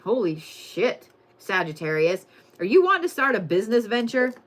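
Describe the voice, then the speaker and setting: A woman with a drawl hosts a weekly zodiac reading in a brash, excitable, swear-heavy way. Her pitch sits mid-range for a woman but swings widely up and down as she talks. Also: moderate pace. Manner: brash, profane and excitable, addresses viewers as y'all. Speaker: tarot and astrology reader.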